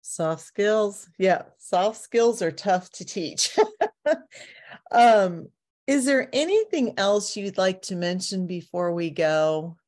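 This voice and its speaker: A woman hosts a podcast interview in a slow, unhurried way, with a slightly low voice. She is supportive and offers short acknowledgments as her guest talks. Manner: supportive, brief acknowledgments, laughs along. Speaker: podcast host.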